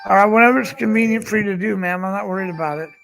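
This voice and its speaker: A man's voice: high-pitched, rapid-fire, gravelly, a bit bright, no echo, faint music behind, rough recording. A man hosting a casual livestream from a care facility room, talking bluntly and profanely with lots of restarts. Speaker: livestream host.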